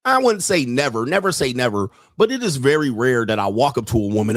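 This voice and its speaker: A man's voice: mid-range voice, very animated, brisk, few pauses, no echo, clean studio sound. A man hosting a commentary show, reacting bluntly and mockingly with profanity and laughter. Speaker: podcast host.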